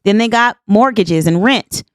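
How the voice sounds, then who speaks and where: Here's a fifties-aged woman hosting a podcast, speaking at medium pitch and a measured pace in a dry recording. It's a casual monologue, folksy and earnest, full of "y'all" and "honey child," with emphatic repetition to make her points.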